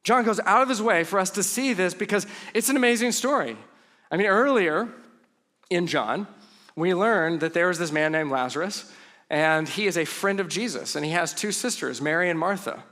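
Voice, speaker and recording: A man preaching a conversational sermon as pastor, telling the story with humorous asides and dropping to hushed tones for emphasis. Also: sits high, animated, normal speed.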